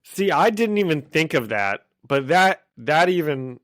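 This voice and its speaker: A man's voice: fairly high pitch, big pitch swings, measured pace, a bit bright, no room sound. A man co-hosting a casual podcast, giving his opinions with frequent laughs and lots of "like" and "you know". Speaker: podcast co-host.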